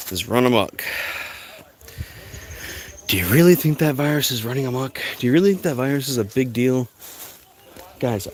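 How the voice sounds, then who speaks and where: A young man rambles to his phone camera as he walks outside, often stopping to restart his sentences. His voice sits at a middling pitch. A faint noise runs behind him. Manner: rambling, many fillers and restarts. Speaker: vlogger. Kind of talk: walk-and-talk vlog.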